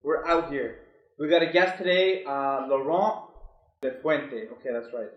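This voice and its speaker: A man's voice: medium pitch, a little slow, roomy sound, muffled recording. A man from Canada co-hosting a casual podcast, upbeat and chatty, laughing easily with his guest. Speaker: podcast co-host.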